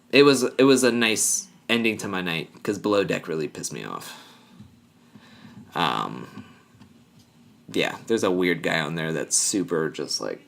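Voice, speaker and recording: A deep, creaky, fairly bright male voice comes through with slight background noise. He's a podcast co-host casually recapping a reality show, rambling, filling gaps with fillers, and acting out the lines he quotes.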